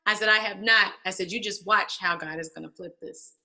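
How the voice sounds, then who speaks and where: Woman, thirties, bright clear tone, animated storyteller, candid testimony, middle pitch. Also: a little fast. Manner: animated storytelling, acts out quoted voices. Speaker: interview guest.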